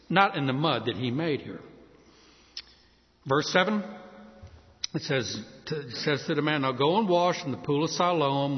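A male preacher telling a story in a sermon, animated and acting out the scenes. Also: a little high. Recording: dull recording with long hall reverb.

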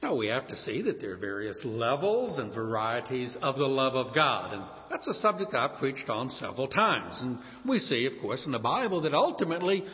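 A male pastor preaching a sermon with a dramatic delivery, slowing down to stress key words. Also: medium pitch, sing-song. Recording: long reverb, dull lo-fi sound.

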